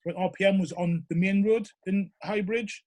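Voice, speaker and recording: A middle-aged Geordie man from Newcastle, England, a regular on the show, rambles animatedly through casual stories in an interview, often asking "you know what I mean?". His voice sits high and his pace is moderate.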